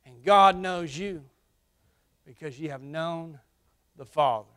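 A man delivers a sermon from the pulpit. His voice sits high and rings bright. He drops to quiet asides, then rises into loud, emphatic calls to the congregation. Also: slow pace, long pauses, clear, resonant tone. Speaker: pastor. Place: church sanctuary.

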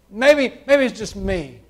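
A man preaching a sermon to his church, swinging between loud, fervent passages and quiet, hushed ones. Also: high-pitched, expressive, takes it slowly. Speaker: pastor.

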